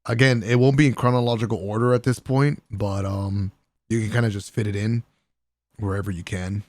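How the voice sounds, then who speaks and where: A gaming content creator telling a casual vlog story about a party, excitable and profane, often laughing and using slang. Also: male voice, on the low side, fairly quick.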